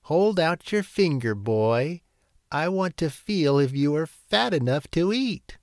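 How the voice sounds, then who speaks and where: A man doing a shrill, cackling old witch. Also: expressive, takes it slowly, darkish tone, dry recording, clean studio sound. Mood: greedy. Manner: shrill, screeching. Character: wicked old female witch, cackling and greedy. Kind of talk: storybook reading.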